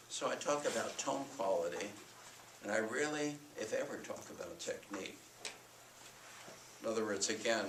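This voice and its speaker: An older man lectures to a college audience, his voice bright and forceful. He keeps dropping into sung syllables and chanted rhythms to show what he means. The sound is roomy and distant, with a faint hiss behind it. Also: on the low side. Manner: breaks into solfège and chanted rhythm syllables to demonstrate. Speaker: music education lecturer. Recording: roomy hall recording from far off.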